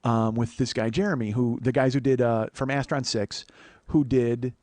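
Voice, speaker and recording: A man's voice: mid-range voice, fairly even intonation, moderate pace, darkish tone, dry recording. A man hosting his podcast, telling a rambling, profane, self-deprecating story with many restarts, into a close microphone. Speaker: comedian and podcast host. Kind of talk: casual solo storytelling.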